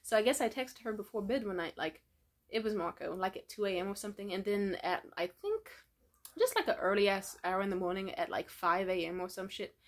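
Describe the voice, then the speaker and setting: Young adult woman, casual vlog rant, profane, filler-heavy, lively retelling. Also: medium pitch, fairly quick. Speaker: vlogger.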